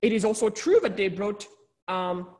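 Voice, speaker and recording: A woman originally from Africa, co-hosting a casual conversation over a video call and speaking in an animated, emphatic way that keeps repeating words for stress. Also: mid-range voice, moderate pace. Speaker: podcast co-host.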